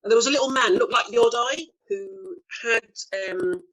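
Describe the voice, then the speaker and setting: A middle-aged woman telling stories as an interview guest, acting out the quotes with lively shifts of voice and frequent laughs. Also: fairly high pitch, moderate pace, poor audio. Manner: lively storyteller, acts out quotes, laughs often. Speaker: actor being interviewed. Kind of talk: anecdotal interview chat.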